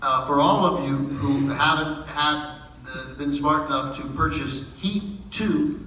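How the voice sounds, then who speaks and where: A man's voice: fairly high pitch, measured pace, sharp tone. A man moderating a theater event, enthusiastically wrapping up with many fillers. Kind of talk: stage introduction. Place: large theater stage. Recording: roomy hall, distant mic, noise.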